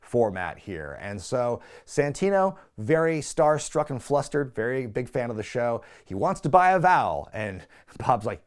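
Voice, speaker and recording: A man hosts a casual recap show in an animated, conversational voice. He laughs often and keeps switching into quick quoted voices. His pitch sits in an ordinary middle range for a man. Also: smooth. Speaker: wrestling recap podcast host.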